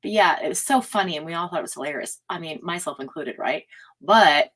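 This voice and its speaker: A woman's voice: deep voice, animated, brisk, fairly bright tone, rough recording. A woman hosting a casual livestream, chatting with viewers, reading their comments aloud and laughing often. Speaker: tarot livestream host.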